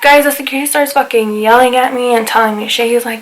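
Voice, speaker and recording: A young woman in her twenties telling a story in a casual vlog, animated, swearing often and reenacting what everyone said. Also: on the high side, fast, low-quality recording. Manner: animated retelling, swearing, lots of "I was like". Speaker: vlogger.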